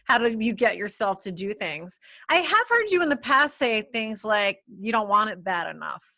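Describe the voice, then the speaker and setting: A woman's voice: mid-range voice, very animated, normal speed, sharp tone, no echo, clean studio sound. A woman interviewing a guest on a podcast, asking curious, probing questions.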